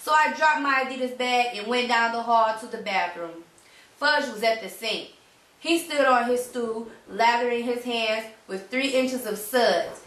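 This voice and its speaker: A woman reading a children's storybook aloud in a clear, expressive narration. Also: on the high side, a little slow. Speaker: reader. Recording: roomy, distant mic.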